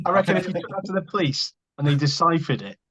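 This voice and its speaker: A man's voice: on the high side, animated, fast talker, a bit bright, breathy edge. A man co-hosting a podcast, chatting casually and teasing his guest. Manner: teasing, joking. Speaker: podcast co-host. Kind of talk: casual chat. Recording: dull lo-fi sound.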